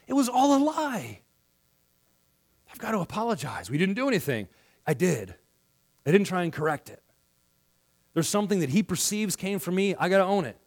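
A man preaching a sermon in a church, acting out quoted dialogue and swinging between loud passages and hushed ones. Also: sits high, very animated, brisk, pauses often. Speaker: pastor.

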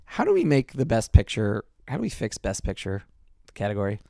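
A man's voice: on the low side, huge pitch swings, a little fast, creaky, a little mellow, dry recording, clean studio sound. A man co-hosting a podcast, chatting casually in rambling, enthusiastic bursts and often restarting his sentences. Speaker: podcast co-host. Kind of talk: casual chat.

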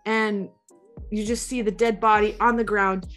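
A woman's voice: medium pitch, flat delivery, a little slow, fairly bright tone, soft background music. A woman retelling a movie plot in casual chat, rambling with lots of likes and uhs, and gushing about it.

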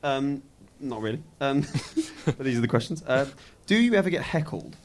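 A man's voice: medium pitch, very animated, normal speed. A man co-hosting a live interview, asking rambling questions and correcting himself as he goes. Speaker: podcast co-host. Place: live venue at a comedy festival.

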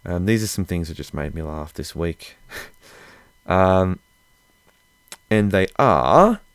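A man's voice: deep voice, lively intonation, takes it slowly, clean tone, no echo. A man hosting a casual solo podcast, talking loosely and rambling. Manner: rambling, loose, many fillers. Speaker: podcast host.

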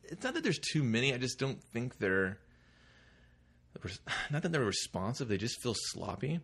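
A man's voice: medium pitch, very animated, normal speed, vocal fry, fairly bright tone, slightly rough. A man co-hosting a podcast in casual chat, rambling and hesitant with lots of fillers. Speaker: podcast co-host.

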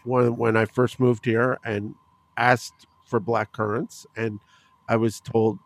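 A man's voice: medium pitch, little pitch movement, takes it slowly, no echo. Man explaining details, dry sound. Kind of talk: casual chat.

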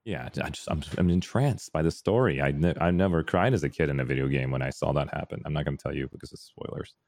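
Very deep-voiced young man, rambling. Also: fast talker, a little mellow, no echo. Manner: rambling and candid, many fillers and restarts. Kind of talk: casual personal storytelling.

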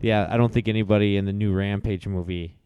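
A man's voice: on the low side, steady tone, fast, muffled recording, a little hiss or hum. A man bantering in casual chat, laughing at himself. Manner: laughing, self-deprecating banter.

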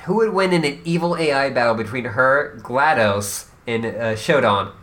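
A man's voice: medium pitch, fairly bright tone. Easygoing man in nerdy podcast chat. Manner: quick, loose, nerdy enthusiasm. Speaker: podcast co-host reading questions.

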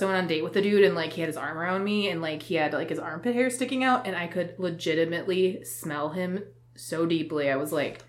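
A woman's voice: fairly low pitch, animated, quick pace. A woman talking candidly in a casual podcast chat, giggling and trailing off into mumbles. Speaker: guest.

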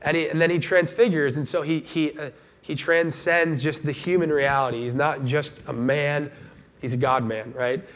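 A man giving a casual sermon as a pastor, talking in a conversational, animated way and acting out the voices of people he quotes. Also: fairly high pitch, normal speed.

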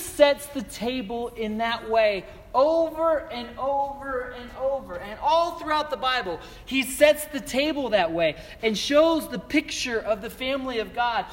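Pastor, man with a high voice, chatty storytelling sermon. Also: measured pace, hardly any pauses, long reverb tail. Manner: conversational storytelling with many fillers.

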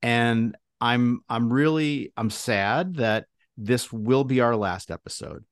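A man co-hosting a casual podcast chat, teasing with dry, deadpan humor. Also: mid-range voice, takes it slowly, no room sound. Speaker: podcast co-host.

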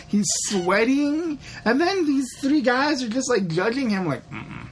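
A woman's voice: high voice, very animated, slow, slight background noise. A young woman co-hosting a podcast, chatting casually and acting out characters' lines with animation. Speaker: podcast co-host. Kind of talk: casual chat recapping a show.

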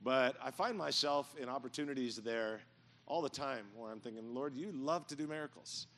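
A middle-aged man preaching a sermon in a church, telling stories and building to loud, emphatic points. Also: medium pitch, moderate pace. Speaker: pastor. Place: church sanctuary.

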